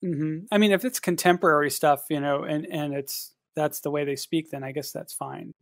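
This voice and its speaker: A man co-hosting a casual writing podcast, talking in a measured, hesitant way with many fillers. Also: fairly high pitch, fairly even intonation, vocal fry, no echo, studio quality. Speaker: podcast co-host and editor.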